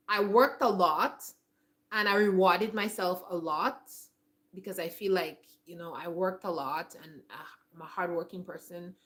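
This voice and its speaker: Rambling woman in her forties, low-pitched. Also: fairly bright tone. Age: 40s. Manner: rambling, with many restarts and "like" fillers. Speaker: homestead vlogger. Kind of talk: casual reflective monologue.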